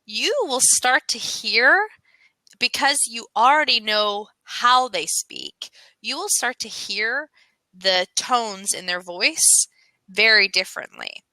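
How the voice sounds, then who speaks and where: A woman's voice: on the high side, expressive, slow pace, sharp tone, dry recording, low-quality recording. An American woman tutoring English on a video call, chatty and laughing often as she gives suggestions. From United States. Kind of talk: casual conversation lesson.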